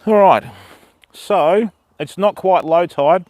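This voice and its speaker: A man's voice: high-pitched, slow, darkish tone, no room sound. An older Australian man hosting a casual fishing livestream outdoors by the water, greeting viewers by name in a laid-back way. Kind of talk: casual live-stream chat.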